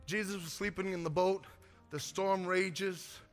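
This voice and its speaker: A man's voice: high voice, fairly even intonation, a little slow. A man preaching a sermon as pastor, asking the congregation questions and answering them himself. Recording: music and long hall reverb.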